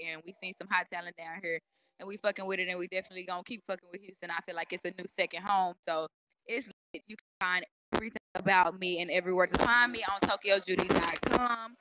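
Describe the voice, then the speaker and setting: Female rapper, blunt and profane, clear bright voice. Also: fairly low pitch. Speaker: hip-hop artist. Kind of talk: casual interview talk.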